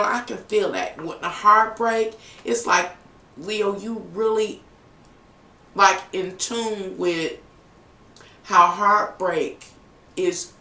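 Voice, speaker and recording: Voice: medium pitch, gravelly, sharp tone. A tarot reader giving a casual, emotional reading to viewers, emphatic and rambling with many fillers. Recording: echoey room, voice far from the mic, faint noise.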